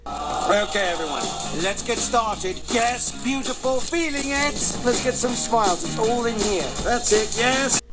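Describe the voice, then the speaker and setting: A man's voice: extremely high pitch, unhurried, rough recording. A man giving upbeat directions at a photo shoot, coaxing and encouraging the people he photographs. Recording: clip with loud music under it.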